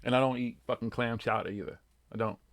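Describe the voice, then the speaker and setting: Brief: Boston man, radio host, gravelly, dry close sound, salty and animated. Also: mid-range voice, quick pace, dry recording. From Boston area. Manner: profane, animated, laughing often. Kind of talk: casual live radio chat, reading the chat.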